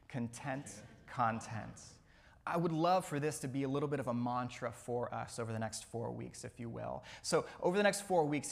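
Earnest male pastor preaching. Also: medium pitch. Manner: earnest, repeats phrases for emphasis. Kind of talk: sermon. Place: church sanctuary.

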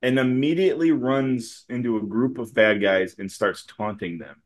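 Chatty podcast dude, mid pitch, animated, keeps doing the characters' lines. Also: male voice, normal speed. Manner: animated, acts out scenes in quoted voices, laughs a lot. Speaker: podcast co-host. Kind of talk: casual chat.

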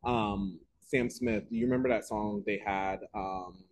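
A man co-hosting a podcast, telling stories in a casual, animated way and laughing often. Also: on the low side, measured pace, slight background noise. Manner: animated storytelling, laughs often, loses his train of thought. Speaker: podcast co-host. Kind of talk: casual chat.

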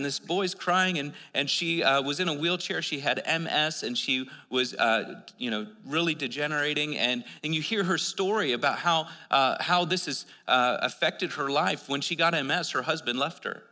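A man's voice: a little high, pushed and bright. A man preaching a sermon, telling stories in a conversational way with many restarts. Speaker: pastor. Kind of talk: sermon with storytelling. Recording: long hall reverb.

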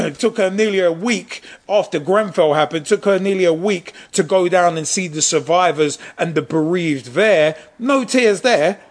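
A man's voice: sits high, moderate pace, hardly any pauses. A man hosting a vlog, delivering an angry, profane and sarcastic political rant. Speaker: vlog host.

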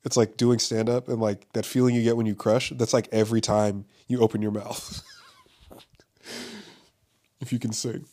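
A young man holds forth in a loose, rambling monologue, his voice sitting a little on the low side. He swears freely and trips over restarts and fillers as he talks. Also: little pitch movement, normal speed, long pauses, mellow. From Los Angeles. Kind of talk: casual monologue.

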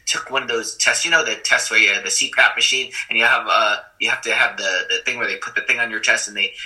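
Self-deprecating man with a bright voice. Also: on the low side, steady tone, quick pace, low-quality recording. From Puerto Rican and Haitian family. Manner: conversational and self-deprecating, many fillers. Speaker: school teacher. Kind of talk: personal storytelling, testimony.

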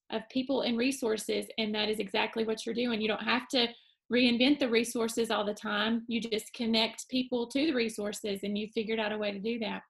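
A woman's voice: fairly high pitch, vocal fry. A woman co-hosting a podcast, upbeat and affirming in casual chat. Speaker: podcast co-host.

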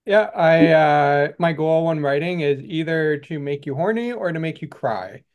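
A man co-hosting a podcast, a writer chatting casually with relaxed, dry humor. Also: a little high, measured pace, clean tone, dull audio. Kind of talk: casual chat.

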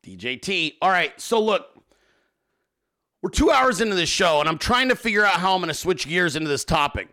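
A man hosting a podcast, talking in casual, excitable commentary, swearing often and laughing a lot. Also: sits high, fairly quick. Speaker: podcast host.

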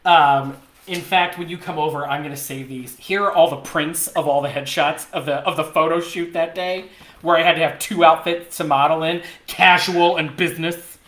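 A man co-hosting a podcast, telling a story in a casual, animated way, laughing often and mimicking the people in it. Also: a little high, moderate pace. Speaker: podcast co-host. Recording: roomy echo.

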